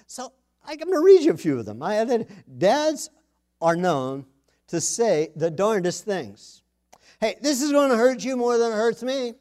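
A man preaching a light, joking sermon, telling stories with frequent chuckles and loud, punchy emphasis. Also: high voice. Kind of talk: humorous sermon.

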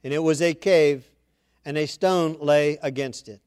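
A man's voice: fairly high pitch, fairly even intonation, unhurried, darkish tone, smooth, no room sound, clean studio sound. A man preaching an informal Bible-study sermon, reading scripture aloud and then commenting in a chatty way with asides.

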